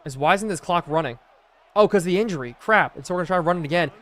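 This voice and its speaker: A young man streaming a football video game, calling plays excitedly and chatting with viewers between snaps. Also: high voice, racing. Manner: excitable, chatty, answers chat mid-play. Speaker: gaming streamer. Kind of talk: live gameplay commentary with chat.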